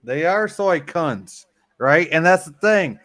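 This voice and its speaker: A man's voice: on the high side, lively intonation, slow, fairly bright tone, no room sound. Joking, swearing man. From Michigan, US. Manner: joking, repeats catchphrases, heavy swearing. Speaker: livestream guest. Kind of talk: casual profane banter.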